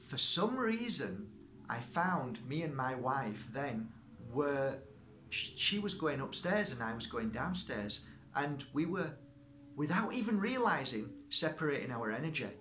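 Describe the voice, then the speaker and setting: A man's voice: medium pitch, big pitch swings, measured pace, sharp tone, slight background noise. A middle-aged man, a crystal energy healer, talking casually to viewers and telling a personal story, often checking in with "okay?". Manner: chatty, checks in with listeners.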